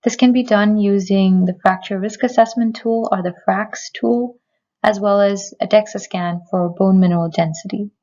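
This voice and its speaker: A woman physician delivers a prepared medical lecture in a measured, explanatory way. Her voice sits at a middling pitch. The recording sounds slightly dull and lo-fi. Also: steady tone, warm tone. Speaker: physician giving a health lecture. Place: remote recording, not in person.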